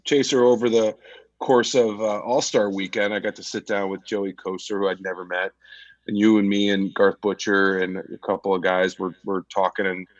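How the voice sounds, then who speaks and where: A man's voice: on the low side, level tone, moderate pace, dry recording, dull audio. A man hosting a live-stream chat, asking rambling, friendly questions. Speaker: host. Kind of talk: casual chat.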